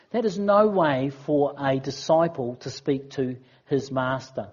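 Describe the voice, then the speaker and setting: Husky-voiced preacher. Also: mid-range voice, lo-fi sound. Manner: conversational, expressive preaching with acted asides. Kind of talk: sermon.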